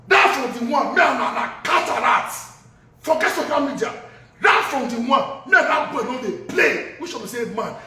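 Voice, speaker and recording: A man's voice: extremely high pitch, pushed and bright. A man ranting heatedly in a Nigerian Pidgin accent, hurling insults. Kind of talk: angry social media rant. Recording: echoey room from far off.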